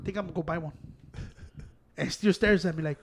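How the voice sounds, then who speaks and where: Rapid, high-voiced man telling stories. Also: slightly rough. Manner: swears constantly, mixing Spanish and English; animated storytelling with quoted voices. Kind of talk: casual chat.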